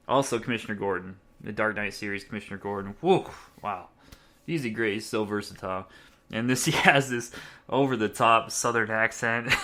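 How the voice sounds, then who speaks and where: A young man hosting a podcast, giving a rambling, excitable movie review and laughing often. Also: medium pitch. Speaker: podcast host.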